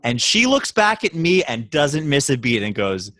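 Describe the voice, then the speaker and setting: A young man co-hosting a casual podcast, telling jokey stories. His delivery is animated and swoops widely in pitch. The recording is dry and close, with no room sound. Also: moderate pace, hardly any pauses, no room sound. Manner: animated, jokey storyteller with big pitch swings. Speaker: podcast co-host. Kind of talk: casual storytelling chat.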